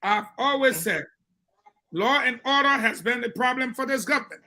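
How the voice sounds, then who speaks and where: A man with a Liberian English accent comments on a call-in radio program. His voice is bright and forceful, and he drives each point home by repeating it. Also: very high voice, animated, normal speed. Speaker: political commentator on call-in show.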